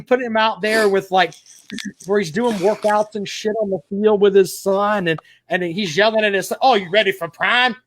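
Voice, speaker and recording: High-voiced opinionated man hosting sports talk. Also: no room sound. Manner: opinionated, explains at length. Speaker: podcast host.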